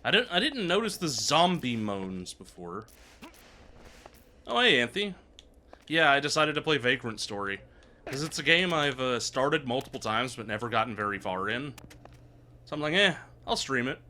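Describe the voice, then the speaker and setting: A man's voice: medium pitch, big pitch swings, normal speed, long pauses, bright, forceful tone, a little hiss or hum. A man streaming a video game live, chatting casually and laughing often as he plays. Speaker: VTuber streamer. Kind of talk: casual gameplay commentary.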